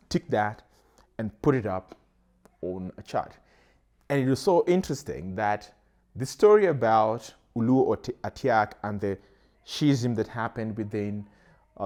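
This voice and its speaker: A man hosting his own channel, explaining in a casual way, checking in with the listener through "yeah?" and pausing on "uh" fillers. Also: on the low side, a little mellow. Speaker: channel host.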